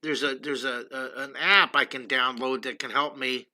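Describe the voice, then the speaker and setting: A man's voice: mid-range voice, steady tone, moderate pace, bright, forceful tone. An older man hosting a casual livestream drawing lesson, chatty and enthusiastic, greeting viewers by name while he draws. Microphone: computer streaming setup.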